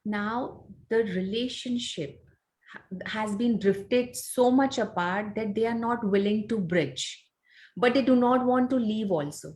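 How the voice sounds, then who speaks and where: A woman's voice: a little high, a little slow, darkish tone. A woman who counsels clients, asking a question in an interview, hesitant with "uh" and "um.".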